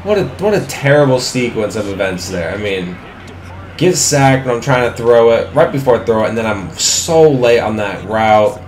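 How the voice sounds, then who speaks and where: A young man giving live, excitable commentary on his own football video game, swearing freely and talking at the screen. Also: medium pitch, moderate pace, echoey room, a little hiss or hum. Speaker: gaming commentator.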